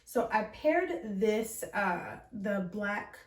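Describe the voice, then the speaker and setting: A young female fashion vlogger chats casually through a try-on haul, bubbly and full of fillers, speaking from across the room so the sound is distant and roomy. Her medium-pitched voice has lively intonation and a very slow pace.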